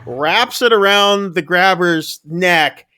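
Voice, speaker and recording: Guy on a movie podcast going through the plot, kinda high and bright, lots of "like" and "uh". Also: takes it slowly, smooth. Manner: recaps plot loosely with many fillers and "like". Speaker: podcast co-host. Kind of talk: casual movie review chat.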